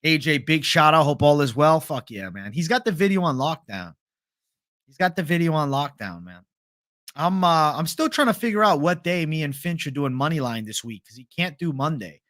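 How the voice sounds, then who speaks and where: A man's voice: fairly high pitch, sing-song, normal speed, a bit bright, no echo, clean studio sound. A young man hosting a live stream, reading viewer comments in a laid-back, chatty, profane way. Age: young adult. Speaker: host.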